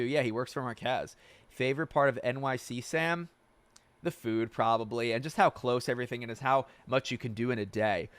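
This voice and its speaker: A man in his twenties hosts a casual livestream Q&A, reading viewer questions aloud in a medium-pitched voice, animated, swearing, and getting fired up. He wears headphones and speaks into a close desk mic, with no room sound.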